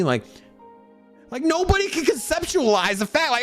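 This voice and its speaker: A man hosting a crypto show, ranting in a casual motivational way, animated and full of repeated words, acting out other people's voices. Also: very high voice, normal speed, pauses often, faint music behind. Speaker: crypto channel host.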